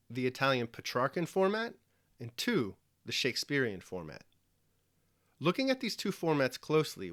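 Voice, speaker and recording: A man narrating a scripted lesson clearly, explaining step by step with dry little asides. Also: medium pitch, fairly bright tone, dry recording. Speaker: teacher.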